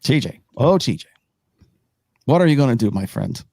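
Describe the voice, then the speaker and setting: A man running a tabletop role-playing game as game master, setting scenes in slow descriptive narration. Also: mid-range voice, expressive, mellow, dry recording.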